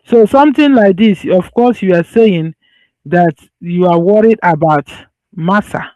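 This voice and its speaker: A man's voice: high voice, unhurried, a little mellow, no room sound. A man teaching medicine over slides. He talks in a loose, conversational way and repeats his points so they stick. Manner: conversational, loose phrasing with restarts. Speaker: medical lecturer.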